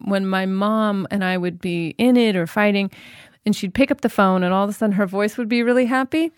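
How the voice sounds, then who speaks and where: A woman's voice: mid-range voice, a little fast, clean tone, no room sound, studio quality. A woman in her thirties, a guest in an interview, talking reflectively and often restarting her sentences. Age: 30s. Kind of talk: casual interview chat.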